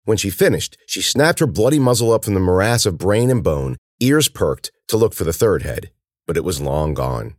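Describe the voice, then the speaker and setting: Deep-voiced man reading a dramatic story. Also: lively intonation, moderate pace, no echo, studio quality. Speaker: narrator. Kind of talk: audiobook reading of a horror story.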